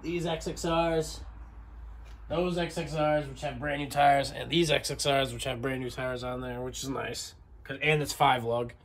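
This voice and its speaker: A man's voice: medium pitch, steady tone, measured pace. A man giving a casual, rambling tour of his car in a small home garage, swearing freely as he talks. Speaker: garage vlogger. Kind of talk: casual walkaround chat.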